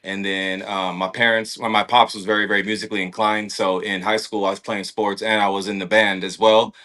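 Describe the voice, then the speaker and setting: Male podcast guest from California, dancer, relaxed storyteller with a low, bright voice. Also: brisk. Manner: laid-back storyteller with dry humor. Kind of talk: casual chat.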